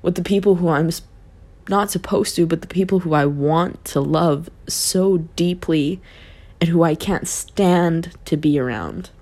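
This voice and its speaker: A young woman with a low voice speaks candidly in a reflective personal monologue. She thinks aloud, restarts her sentences and laughs easily as she goes. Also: unhurried, darkish tone. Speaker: podcast host.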